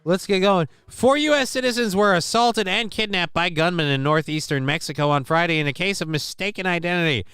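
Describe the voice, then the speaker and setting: Male stream host, crude joking, reads chat and news aloud, smooth, dry sound. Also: high-pitched, a little fast, hardly any pauses, a bit bright, no room sound. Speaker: show host. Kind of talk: live-stream news commentary.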